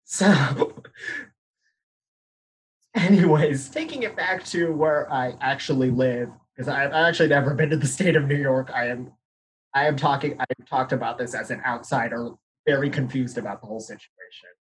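Young male podcast panelist from Arizona, husky, candid and casual. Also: mid-range voice, normal speed, rough recording. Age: young adult. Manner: candid, laughs nervously at grim news. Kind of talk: casual discussion.

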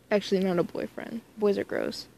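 A woman's voice: medium pitch, creaky, breathy edge. Giggly woman reading a story aloud. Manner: giggly, swears, breaks off to comment. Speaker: reader. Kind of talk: casual reading aloud with commentary.

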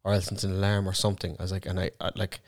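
A man's voice: sits low, flat delivery, racing. A young man with a Cork accent, co-hosting a podcast and telling stories in casual chat, swearing freely. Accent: Irish, Cork. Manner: swears freely, storytelling with voiced asides. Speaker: podcast co-host.

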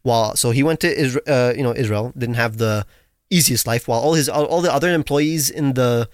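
A young man co-hosting a podcast, telling stories in a rambling, animated way with lots of restarts. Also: medium pitch, a little fast, no echo, studio quality. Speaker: podcast co-host. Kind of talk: casual chat.

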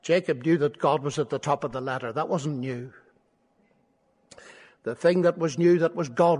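A man's voice: a little high, normal speed, long pauses, darkish tone. An older man preaching a sermon, earnest and rhetorical, often asking his listeners questions and swelling to emphasis. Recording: long hall reverb.

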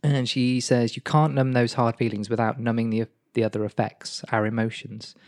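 A man's voice: mid-range voice, little pitch movement, moderate pace, darkish tone. A man with a West Country accent, co-hosting a podcast in a reflective, rambling chat with frequent laughs. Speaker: podcast co-host. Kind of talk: casual chat.

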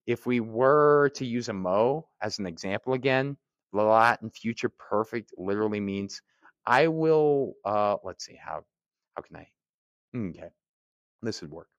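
A man, teaching a Latin grammar lesson in a relaxed, chatty way, with drawls and restarts. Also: on the low side, no room sound, clean studio sound.

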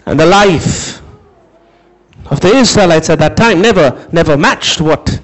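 A man preaching a sermon, dramatic, shouting some phrases and dropping low and slow for others, asking listeners to repeat words after him. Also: animated, low-quality recording. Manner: dramatic, swings from high emphatic shouts to low slow intense delivery.

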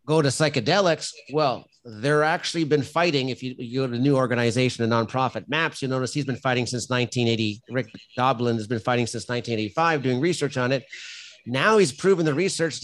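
A man's voice: medium pitch, a bit bright. A middle-aged man, a firefighter and company founder, talks as a podcast guest in a casual interview. He speaks bluntly and emphatically, and he often restarts his sentences.

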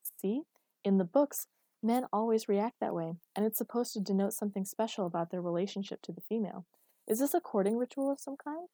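A woman's voice: mid-range voice, brisk, dark tone, no room sound, clean studio sound, close to an everyday voice. A woman doing a literal-minded young woman. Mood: puzzled.

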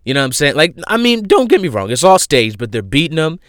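Smooth-voiced man retelling a show. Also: fairly high pitch, quick pace, dry recording, studio quality. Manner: animated storyteller, many fillers.

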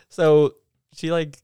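A man's voice: on the high side, mellow, smooth, no echo. Chatty man recapping a movie. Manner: chatty, laughing, acts out characters' lines in quick impressions. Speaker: podcast co-host. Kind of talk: casual movie recap chat.

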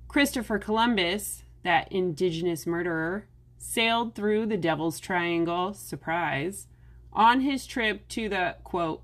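A woman's voice: fairly low pitch, unhurried, a bit bright. A young adult woman hosting a solo podcast, talking casually with sarcastic asides. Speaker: podcast host.

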